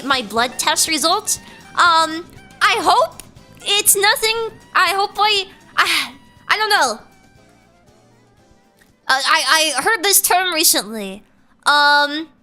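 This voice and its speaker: A woman streamer chatting casually and rambling, cutting herself off mid-sentence and reading chat messages aloud. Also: high-pitched. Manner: animated, rambling, self-interrupting, reads chat aloud.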